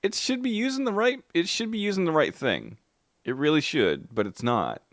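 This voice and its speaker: A man's voice: on the high side, big pitch swings, normal speed, a bit bright, no room sound, studio quality. A man streaming live, greeting his chat by name and muttering to himself while he fixes his tech.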